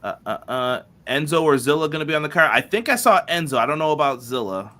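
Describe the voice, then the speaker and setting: A man's voice: on the high side, lively intonation, fast. A man co-hosting a wrestling podcast, casually reading out viewer chat messages and greeting people by name. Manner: upbeat, reads chat messages aloud, shouts out viewers. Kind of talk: casual live-stream chat.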